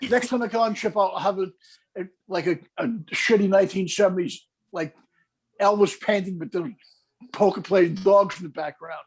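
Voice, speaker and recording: Husky high-voiced man who stumbles. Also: moderate pace, rough recording. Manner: stumbling, restarting, excitable. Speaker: podcast co-host. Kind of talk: casual comedy chat.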